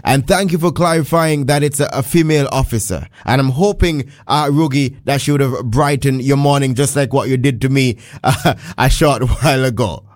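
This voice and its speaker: A man's voice: mid-range voice, normal speed, few pauses, dry recording. A man from Montserrat, a radio host chatting casually in a studio, laughing often and stumbling over words. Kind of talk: casual morning radio chat.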